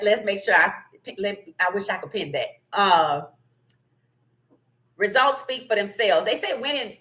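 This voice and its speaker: Female streamer-host, bright tone, casual and animated, reads chat and riffs. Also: mid-range voice. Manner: animated, opinionated, laughs often. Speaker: sports talk livestream host. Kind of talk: casual livestream commentary reading chat.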